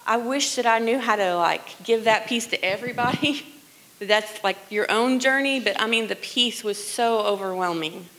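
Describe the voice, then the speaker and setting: A middle-aged woman sharing a personal testimony in church, earnest and conversational, often dropping to a hushed voice. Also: a little high, normal speed, poor audio. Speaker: worship leader sharing testimony.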